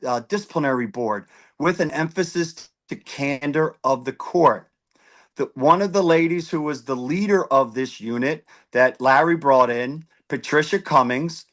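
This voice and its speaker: A man's voice: fairly high pitch, a bit bright. A man speaking as a candidate at an online forum, giving an emphatic debate answer and repeating key words. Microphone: video call.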